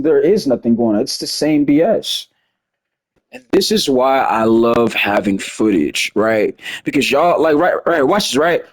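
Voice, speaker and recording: A man giving a casual, emphatic breakdown of a basketball game replay, talking fast and checking in with his viewers as he goes. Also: high voice, a little mellow. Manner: fast-talking, emphatic, keeps asking "you see what I'm saying". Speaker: gaming video commentator.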